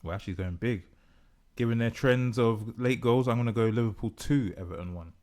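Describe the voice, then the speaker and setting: A man's voice: mid-range voice, a little fast, darkish tone. A man co-hosting a casual podcast, reading out results and making predictions in a teasing, presenting way. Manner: teasing, game-show-like presenting. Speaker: podcast co-host, football fan.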